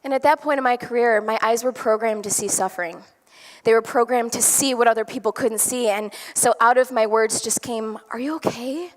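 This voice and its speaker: A woman with a fairly high voice tells a story to a live audience, eager and chatty. She speaks as a motivational speaker from a stage, and her words carry a long reverb from the hall around her. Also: steady tone, brisk.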